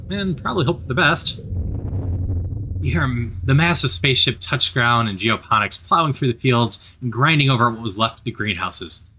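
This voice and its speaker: Animated, bright-voiced male narrator. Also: mid-range voice, slight background noise. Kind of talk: reading a story game aloud.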